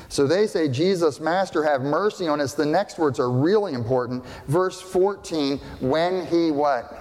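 A man's voice: a little high, a little mellow, big-room sound. A male pastor preaching a sermon in a conversational, emphatic way, asking rhetorical questions.

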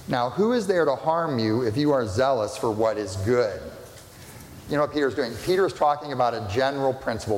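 A pastor giving a conversational sermon, often asking the congregation questions. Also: male voice, mid-range voice. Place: church sanctuary. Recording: echoey church sanctuary, long reverb, faint hiss.

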